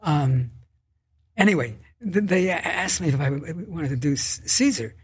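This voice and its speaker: An actor in his eighties talks as a guest on a casual podcast. He speaks haltingly, with many restarts and fillers. His voice sits a bit high and has a husky edge. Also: lively intonation. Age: 80s. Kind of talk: casual interview chat.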